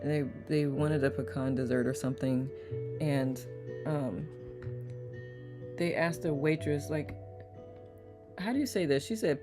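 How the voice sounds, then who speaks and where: A woman's voice: sits low, a little slow, vocal fry, pauses often, darkish tone, soft background music. A woman hosting a live online circle, reading comments aloud in a playful manner and laughing often. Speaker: host of online community circle. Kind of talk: casual live-stream chat reading comments.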